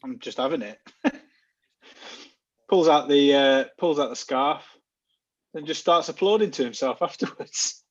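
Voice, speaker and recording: A man co-hosting a podcast, retelling a story in a giggly, animated way. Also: on the high side, a little slow, pauses often, dull audio. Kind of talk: casual chat.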